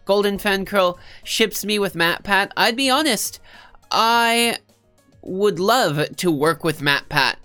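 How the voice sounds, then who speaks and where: A woman's voice: mid-range voice, lively intonation, takes it slowly, pushed and bright, soft background music. A woman streamer with a stuffed-up nose, chatting casually and rambling with her live viewers, often cutting herself off and joking. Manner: rambling, self-interrupting, joking.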